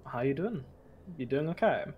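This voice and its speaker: A man's voice: medium pitch, lively intonation, normal speed, muffled recording, a little hiss or hum. A man playing a tabletop fantasy game, speaking hesitantly with many restarts. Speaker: player. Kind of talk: casual role-play.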